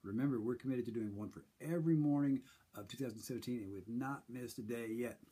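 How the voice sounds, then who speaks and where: A man's voice: medium pitch, fast, warm tone, breathy edge. A man in his sixties hosting a daily morning show, rambling and chuckling in a self-deprecating way. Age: 60s. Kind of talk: casual morning monologue.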